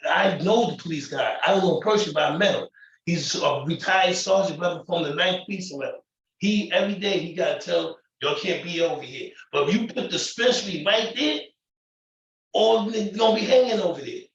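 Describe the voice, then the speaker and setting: A man's voice: sits high, fairly quick, a bit bright. A man living at a shelter speaks out at a community meeting, upset and close to tears, pleading emotionally. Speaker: shelter resident speaking at public comment. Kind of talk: impassioned public comment. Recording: muffled echoey room audio from far off.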